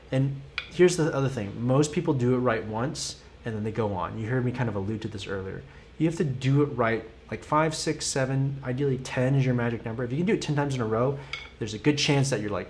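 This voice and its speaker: A man running a live-streamed drum lesson, counting beats and vocalising rhythms as he plays. He explains patiently and keeps checking that the learner follows. Loud drumming sits right under his voice. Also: mid-range voice, a little fast, music in the background. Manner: counts and sings rhythms aloud while playing. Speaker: drum teacher.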